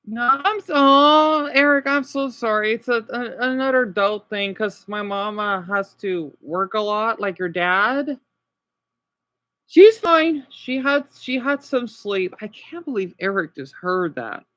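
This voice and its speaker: A man's voice: high-pitched, lively intonation, unhurried, bright, forceful tone. Upset young man ranting on a livestream. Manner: upset, ranting, with many restarts and apologies. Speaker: livestreamer reacting to videos. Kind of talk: rambling livestream chat with viewers.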